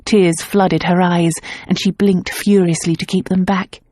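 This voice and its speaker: Reading a romance novel from a script, a female audiobook narrator keeps her storytelling steady and measured. Her voice is lowish, and the recording is dry.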